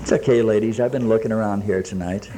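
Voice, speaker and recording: A man's voice: on the low side, fairly even intonation, quick pace, very noisy. Man telling his recovery story. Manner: plain storytelling full of quoted back-and-forth dialogue, dry jokes. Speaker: speaker sharing at a recovery meeting. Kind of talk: personal recovery story told to a live audience. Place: meeting room with a live audience.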